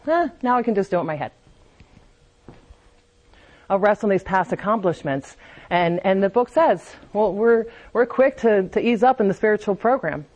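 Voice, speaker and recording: A woman's voice: mid-range voice, expressive, normal speed, a little mellow. Candid woman giving a testimony talk. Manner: candid, confessional, with frequent restarts. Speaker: speaker at a recovery meeting.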